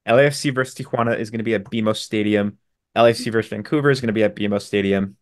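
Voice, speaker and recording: A man co-hosting a sports podcast, briskly running through signings and stats with dry, sarcastic asides. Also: lowish voice. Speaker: podcast co-host. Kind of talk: casual sports podcast chat.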